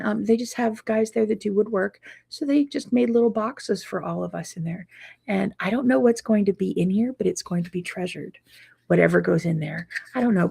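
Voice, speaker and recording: A woman's voice: medium pitch, creaky, darkish tone, slightly rough. A woman who teaches quilting, chatting casually to viewers in a live update, tired and yawning from lack of sleep.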